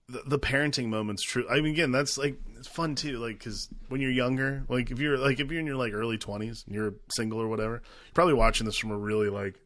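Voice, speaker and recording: A man's voice: medium pitch, a bit bright, no room sound. A man in his thirties co-hosting a podcast, talking casually, agreeably, and swearing freely. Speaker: podcast co-host.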